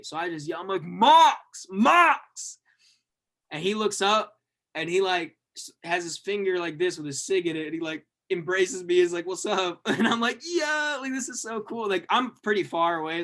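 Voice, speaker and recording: A young man co-hosting a podcast, telling a rambling, profane story with lots of fillers and yelled-out quotes. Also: on the high side. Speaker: podcast co-host. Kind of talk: excited casual storytelling.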